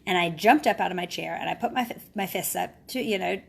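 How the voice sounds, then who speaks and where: A mother and wellness speaker with a lowish, creaky voice talks fast in a casual live video to her followers. She's earnest and encouraging, often ending phrases with a questioning "right?"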